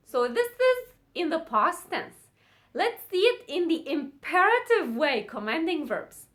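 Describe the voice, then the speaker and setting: A woman teaching a casual online language lesson, repeating words slowly and drilling conjugations quickly. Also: high-pitched, big pitch swings, fairly bright tone. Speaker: Arabic teacher.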